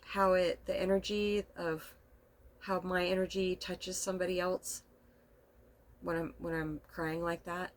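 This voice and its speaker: A middle-aged woman with a fairly low voice talks to her camera from inside a camper. She rambles softly through a personal story, emotional and quick to laugh, in an unscripted, casual way. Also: flat delivery, a little hiss or hum. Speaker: vlogger.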